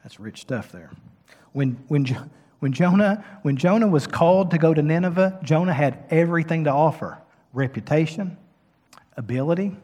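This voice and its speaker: A man preaching a sermon as pastor, moving from quiet reflection to loud, emphatic peaks. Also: a little high, expressive, moderate pace. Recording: long hall reverb.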